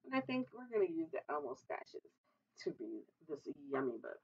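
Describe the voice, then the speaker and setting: A librarian reading a children's storybook aloud, adding chatty, giggly asides. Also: female voice, lowish voice, sing-song, normal speed, vocal fry, a little hiss or hum. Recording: dull, distant recording.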